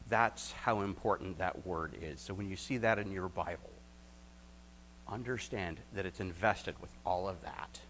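A man preaching a sermon as pastor, moving between emphatic rising points and quiet, reflective stretches, closing in prayer. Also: low voice, measured pace, slight background noise, poor audio.

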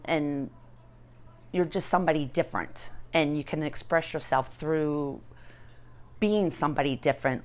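A woman who is a fan of drag shows, gushing with enthusiasm in a documentary interview. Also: low-pitched.

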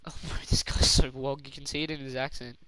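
A man's voice: medium pitch, little pitch movement, fast talker, pushed and bright, slight background noise, low-quality recording. A young man streaming a game, joking crudely, swearing and laughing through casual banter. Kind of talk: casual gaming stream chat.

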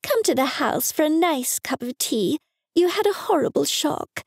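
A woman voicing a shrill, scolding middle-aged mother. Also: lively intonation, normal speed, gravelly, no echo, clean studio sound. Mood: fussing.

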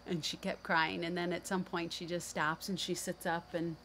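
A woman's voice: fairly low pitch, little pitch movement, moderate pace, fairly bright tone, slight background noise. A middle-aged woman giving a candid, earnest faith-based parenting talk as host, telling personal stories.

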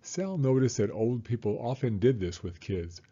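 Male storyteller for kids, mellow husky voice, lively read-aloud, dull lo-fi home recording. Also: mid-range voice, moderate pace. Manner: expressive, animated narration. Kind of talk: children's book read-aloud.

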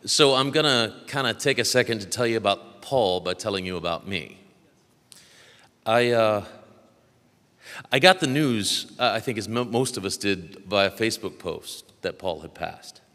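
A man's voice: on the low side, expressive, normal speed, pushed and bright. A man, a former student, giving an earnest, hesitant memorial speech on a theater stage. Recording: echoey theater hall.

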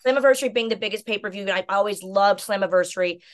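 A woman co-hosting a weekly web show, gushing and animated as she interviews a guest. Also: medium pitch, very fast. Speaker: podcast co-host. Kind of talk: casual interview chat.

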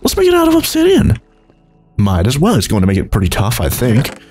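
A man's voice: huge pitch swings, brisk, darkish tone, soft background music. A young man narrating his Minecraft let's play, rambling and chuckling as he goes. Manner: rambling, chuckling, jumps between low mumbles and high exclaims. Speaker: gaming YouTuber.

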